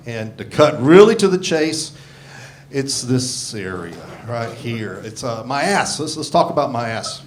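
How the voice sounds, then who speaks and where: A man's voice: mid-range voice, lively intonation, measured pace, background noise. A man in his sixties doing a grumpy, profane stand-up set on a club stage into a handheld mic. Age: 60s. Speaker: stand-up comedian. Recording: live club with crowd laughter. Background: audience laughter.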